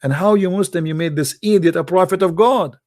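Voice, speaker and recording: A man's voice: high-pitched, fairly quick. A man giving a mocking, sarcastic polemical monologue in broken English grammar. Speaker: religious debate commentator.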